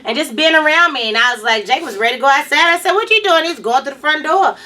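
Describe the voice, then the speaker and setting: A middle-aged woman talks in with a high, bright, sharp-edged voice. She chats animatedly and acts out quotes. The mic sits some way off. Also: fast talker, recorded from a distance. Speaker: co-host. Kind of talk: casual chat.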